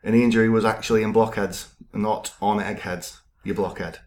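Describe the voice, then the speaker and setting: A man co-hosting a comedy podcast, making dry, low-key asides in casual chat. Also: steady tone, moderate pace, a little mellow. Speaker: podcast co-host.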